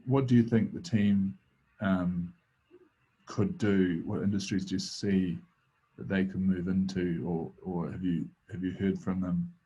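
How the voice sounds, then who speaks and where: A man hosting a casual podcast conversation, reflective and halting, with frequent restarts. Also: sits low, steady tone, mellow, breathy edge, highs cut off. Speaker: podcast host.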